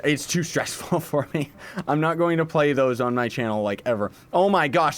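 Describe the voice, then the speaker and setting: A gaming streamer with a fairly high voice plays live at normal speed. He jokes at his own expense and reacts out loud to chat messages.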